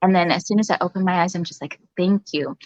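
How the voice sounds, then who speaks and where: A woman who is a nurse, a guest in a casual interview chat, talking in a calm, reflective way with many fillers. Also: on the low side, very fast, dull audio, slight background noise.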